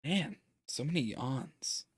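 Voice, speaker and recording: A streamer playing a video game, making casual, drowsy, low-key asides while yawning a lot. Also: animated, slow pace, husky, no echo, clean studio sound. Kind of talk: casual let's-play commentary. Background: faint game music.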